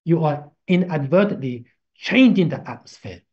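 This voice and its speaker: A man teaching a casual spoken lesson, slow and halting, repeating himself as he explains and chanting drawn-out syllables to show them. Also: a little high, lively intonation, a little mellow, slightly rough. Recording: dull lo-fi recording.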